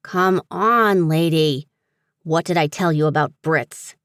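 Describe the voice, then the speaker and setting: A woman voicing a grumpy, small winged male creature who talks in a gruff, exasperated way. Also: low-pitched, takes it slowly, fairly bright tone, dry recording, studio quality. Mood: grumbling.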